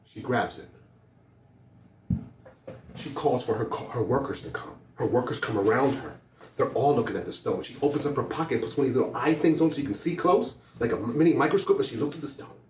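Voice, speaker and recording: A man's voice: mid-range voice, brisk, a little mellow, slight background noise. A man speaking as a motivational speaker, animatedly telling a story to students and building to urgent emphasis. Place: school hall. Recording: echoey room from a distance.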